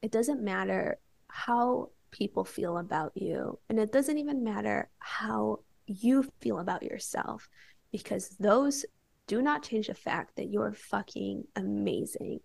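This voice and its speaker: A young woman speaks as a podcast guest, sharing a personal story in relaxed, candid chat. Her voice has a strong gravelly fry at mid pitch, and she leans on "like" between phrases. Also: measured pace. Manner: candid storytelling, many filler "like"s. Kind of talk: casual chat.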